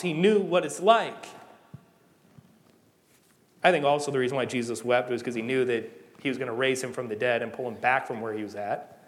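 A young man preaching a sermon in a lively, conversational way, rising to emphatic peaks. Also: a little high. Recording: long hall reverb.

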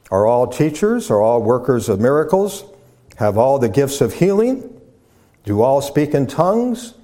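A man, a pastor, delivering a teaching sermon in a measured way, with fillers and repeated words as he builds his points. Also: mid-range voice, darkish tone. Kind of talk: sermon lecture.

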